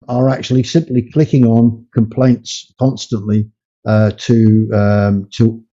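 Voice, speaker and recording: An older man talking as a podcast guest, emphatic, his voice climbing when he makes a point. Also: dark tone. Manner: emphatic, rising in pitch when making a point. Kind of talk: conversational interview. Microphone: video call. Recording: muffled lo-fi remote call audio.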